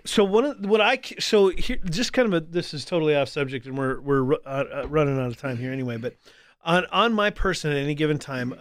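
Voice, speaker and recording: A man's voice: a little high, no echo, clean studio sound. A man co-hosting a casual podcast, talking in an easygoing, rambling way with many restarts. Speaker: podcast co-host. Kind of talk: casual chat.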